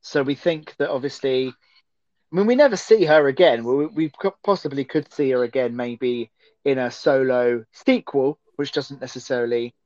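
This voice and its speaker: A man's voice: medium pitch, moderate pace, darkish tone, no room sound. A man co-hosting a casual chat while watching a film, rambling and laughing often. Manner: giggly, rambling with frequent laughs. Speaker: podcast co-host. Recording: dull, slightly muffled audio.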